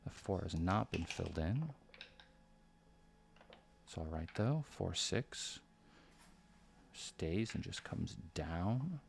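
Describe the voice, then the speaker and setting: A deep-voiced man calls a board game live, keeping his voice hushed and close to a whisper. His tone is gravelly and full of vocal fry, and he thinks aloud as each roll comes in, with a faint noise sitting behind him. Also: big pitch swings, slow pace, pauses often. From United States. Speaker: backgammon commentator.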